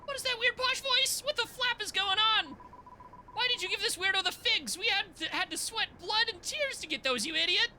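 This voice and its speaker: Dude doing a squeaky high fairy girl, cheeky and worked up, game voice. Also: huge pitch swings, moderate pace, pushed and bright, slight background noise, full character voice. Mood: outraged. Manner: shrill, indignant, exclaiming. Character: excitable, cheeky young female fairy sidekick.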